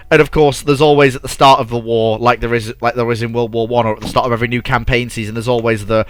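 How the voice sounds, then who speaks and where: A man's voice: mid-range voice, level tone, fast talker, few pauses, clean tone. A man hosting a casual chat about alternate history, eager and restarting his sentences, full of fillers. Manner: eager, talks over himself, many fillers like "like". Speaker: podcast host.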